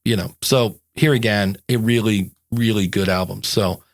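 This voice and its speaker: A man's voice: fairly low pitch, fairly even intonation, normal speed. A man hosting a podcast, chatting casually and telling a rambling story, acting out little asides as he goes. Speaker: podcast coach and host. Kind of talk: casual chat.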